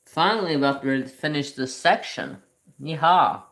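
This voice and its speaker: A man's voice: medium pitch, fairly bright tone. A man hosting a craft channel, telling rambling personal stories in casual chat while he paints at home. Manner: slow, rambling storytelling with restarts.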